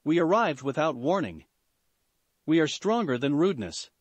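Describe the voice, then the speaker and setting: A man voicing a polite bear warrior who talks like calm, formal country gentry, in a storybook reading. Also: fairly high pitch, normal speed, slightly rough, no room sound.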